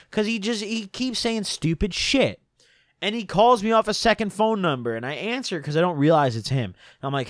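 Young guy ranting a storytime, high-ish voice, swears constantly, indignant. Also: fairly quick, no echo, clean studio sound. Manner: animated, profane, indignant storytelling. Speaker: vlogger. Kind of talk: storytime vlog.

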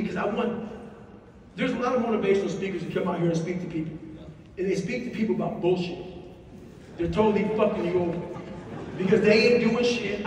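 A man with a high-set voice delivers blunt motivational stories full of swearing, pressing every point with intensity. He sounds distant from the microphone, and his words ring through a large, echoing hall with a faint hiss underneath. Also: a little mellow. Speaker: guest speaker. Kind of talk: profane motivational storytelling. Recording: echoey hall, distant mic, faint noise.

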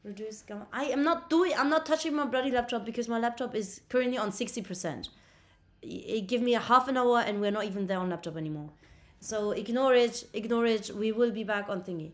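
A woman's voice: on the high side, a little fast. A woman livestreaming casually on a laptop mic, brash and profane, bickering with her chat. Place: indoors at a laptop.

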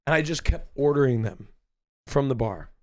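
A man's voice: mid-range voice, expressive, normal speed. A drunk man chatting on a podcast, rambling, repeating himself and sounding giddy. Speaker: podcast guest. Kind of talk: casual podcast chat.

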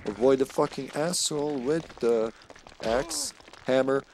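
A man streams a game live and talks the whole time, excitable and quick to swear. His voice sits mid-range but swings widely in pitch. A faint hiss of noise runs behind him. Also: creaky. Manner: jokey, laughs often. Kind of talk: live gameplay commentary.

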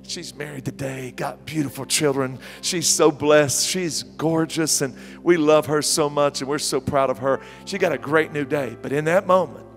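A middle-aged man preaching a sermon as pastor, telling stories with repeated questions that swing from near-whispers to loud, high climbs. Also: moderate pace, vocal fry, few pauses, long reverb tail, soft background music. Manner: animated storytelling preacher, repeating questions, sudden soft drops and loud climbs.

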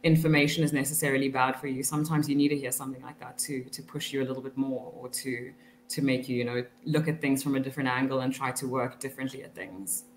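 Low-voiced woman in an echoey room. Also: steady tone, fast talker. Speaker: panel guest. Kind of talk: motivational panel talk. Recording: roomy echo, faint noise.

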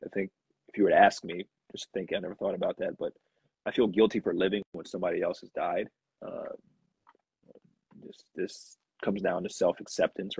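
Man, motivational live host, very raspy with fry, preachy repetition, dry lo-fi stream sound. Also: darkish tone, no echo. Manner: preachy, repetitive, rising to emphatic highs.

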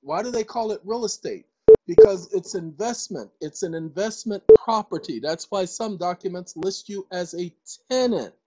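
A woman giving a casual lecture to viewers, reading legal definitions aloud and breaking into loud, emphatic asides with repeated phrases. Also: fairly low pitch, animated, normal speed, slightly rough. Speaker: online commentator.

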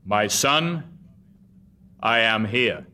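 A man voicing a calm voice of God speaking from above, slow and solemn. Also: on the low side, voice pushed down, full character voice.

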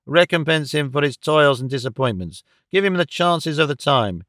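A man reading the part of a blunt, energetic male rent collector who speaks in short, emphatic bursts. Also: a little high, normal speed, no room sound, clean studio sound. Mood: urgent.

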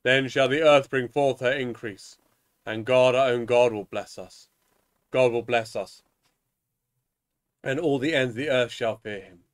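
A man at a middling pitch leads evening prayer. He reads psalms and a scripture passage in a measured, solemn liturgical manner. Now and then he trips over a word and starts it again. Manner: measured, solemn reading with small stumbles. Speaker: minister leading evening prayer.

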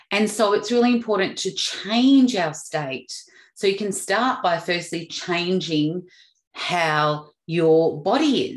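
A woman hosting a motivational talk, upbeat and acting out everyday examples. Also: on the low side. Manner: upbeat, acts out examples with animated shifts. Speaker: podcast host. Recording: echoey room.

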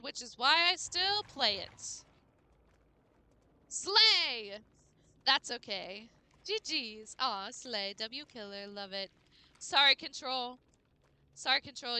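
A woman's voice: high voice, sharp tone, smooth. A young woman streaming a game late at night, chatting casually with viewers, bubbly and playful, tripping over names and laughing. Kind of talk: casual live-stream chat while gaming.

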